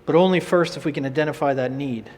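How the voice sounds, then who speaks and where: A man preaching a sermon in an animated, conversational way, often repeating phrases for emphasis. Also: a little high, quick pace, long reverb tail.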